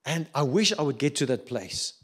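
A middle-aged man with a South African accent preaching a sermon, swinging between loud urging and quiet reflection. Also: fairly high pitch, sing-song, normal speed, breathy edge. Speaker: pastor.

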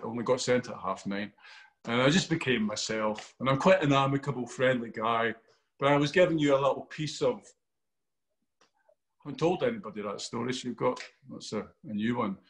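A Glaswegian actor telling an animated interview anecdote, acting out quotes and swearing freely. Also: male voice, mid-range voice. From Scotland.

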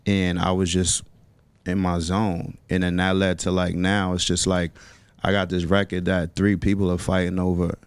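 Radio guest: New man, relaxed street slang, smooth low voice, dry studio mic. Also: normal speed, dry recording. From New York. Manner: laid-back slangy talk with many fillers. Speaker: rapper and songwriter guest. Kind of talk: casual radio interview.

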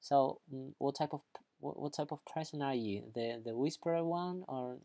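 This mid-pitched English teacher runs a chatty online grammar lesson on vocabulary at a moderate, mellow pace. The mood is upbeat and playful: examples get acted out, jokes earn the teacher's own laughter, and "okay?" keeps popping up to check in.

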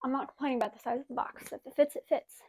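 A young woman vlogger doing a casual unboxing at home, gushing and excitable, a little out of breath, filling her talk with "like" and "oh my gosh". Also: sits high, racing, breathy edge. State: slightly out of breath. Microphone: wireless mic.

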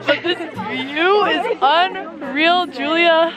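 Excitable young woman with a high voice. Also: a little slow, few pauses. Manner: excitable, exclaiming. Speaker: travel companion. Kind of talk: casual chat. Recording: music and crowd noise behind.

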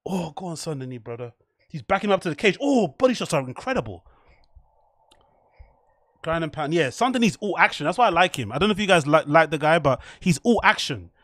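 A man's voice: on the high side, sing-song, a little fast, a bit bright, no room sound. A man hosting a live stream, rambling and swearing as he reacts to a fight and reads out chat. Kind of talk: casual live-stream commentary.

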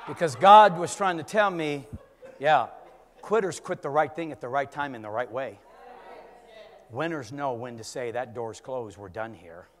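An older man, a pastor, preaching a storytelling sermon that swings from quiet talk to shouting, in a church. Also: medium pitch, measured pace. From California. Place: church sanctuary. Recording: church hall with long reverb.

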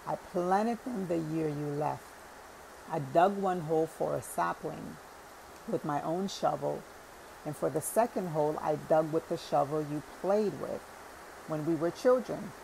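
A woman's voice: deep voice, measured pace, creaky, mellow, slight background noise, low-quality recording. A woman voicing an eager, hospitable old man who fusses to please his older brother, in a storybook reading. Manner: fussing, keen to please.

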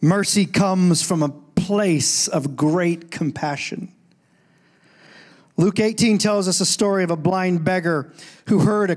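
A middle-aged man preaching a sermon in a church, animated, breaking into loud calls when he quotes. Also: a little high. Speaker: pastor. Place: church sanctuary.

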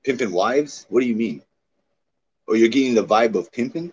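A man livestreaming in casual chat, profane and excitable, reacting to his chat. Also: medium pitch, normal speed, slightly rough. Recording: dull lo-fi stream audio, faint noise.

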